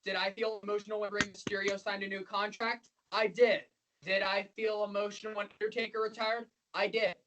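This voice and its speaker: A man's voice: sits high, flat delivery, brisk, fairly bright tone, poor audio. A man co-hosting a casual podcast chat, rambling and repeating himself with emotion. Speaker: podcast co-host.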